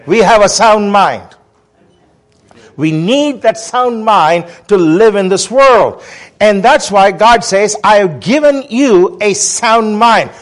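A man's voice: high voice, animated, slow pace. A man preaching as a guest speaker, emphatic and rousing, calling on the congregation to repeat after him. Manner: emphatic call-and-response preaching. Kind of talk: sermon.

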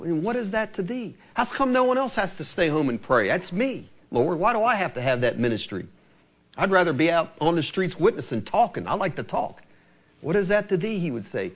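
Male preacher, slightly higher than average voice, chatty sermon delivery, drags out key scripture lines for weight. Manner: laughs lightly between points.

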